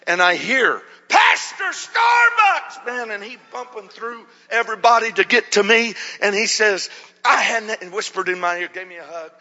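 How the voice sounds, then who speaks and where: Male pastor, storytelling sermon, bright, slightly high, long hall reverb, muffled sound. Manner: animated storytelling, swings from hushed to loud.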